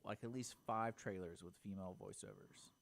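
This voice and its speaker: A young man co-hosting a radio chat show, quick to push back and contradict his co-host. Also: on the low side, fairly even intonation, creaky. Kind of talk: casual on-air chat. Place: radio studio.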